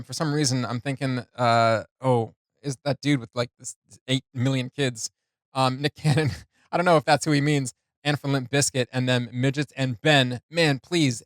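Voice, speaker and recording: A man talks through song lyrics for his reaction channel in an easygoing, unscripted way, laughing softly between thoughts and stumbling through fillers. His voice sits in an ordinary middle pitch. The recording is close and dry, with no room echo. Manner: chuckles often, loose, with many fillers. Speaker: reaction video host. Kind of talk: casual reaction commentary explaining rap lyrics.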